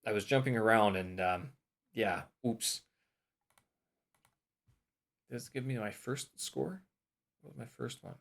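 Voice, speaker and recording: A man's voice: lowish voice, unhurried, vocal fry, long pauses, a bit bright. A man teaching English, reading his course notes aloud in a casual study vlog, thinking aloud and muttering self-mocking remarks as he checks his answers.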